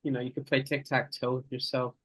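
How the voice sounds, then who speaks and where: Halting, deadpan young man. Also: mid-range voice, breathy edge, poor audio. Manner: rambling, halting, mock-serious. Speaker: interviewee. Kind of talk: deadpan mock interview.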